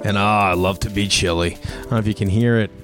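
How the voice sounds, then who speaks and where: A man, a comedian chatting casually to the camera, his voice hoarse after losing it, rambling and joking at his own expense. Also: fairly low pitch, fairly even intonation, fast, music in the background. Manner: rambling, self-mocking, jokey. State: hoarse, voice partly lost. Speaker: comedian vlogger.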